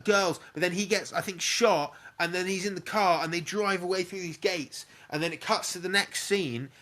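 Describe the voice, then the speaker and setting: A young man recapping a film for his co-hosts in loose, profane pub-chat style. He tells it in a rush, dropping in shouted cries and bits of dialogue as he goes. His voice sits a little on the high side. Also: moderate pace. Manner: sweary, animated retelling with little sound effects. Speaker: podcast co-host.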